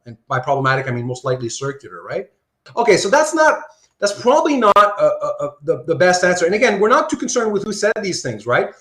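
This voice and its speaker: Speaking fast in a high, sing-song, somewhat bright voice, this man teaches philosophy live online from Surrey, Canada, and the room echoes. He keeps things conversational, reading out what students write and asking "right?" after almost every point.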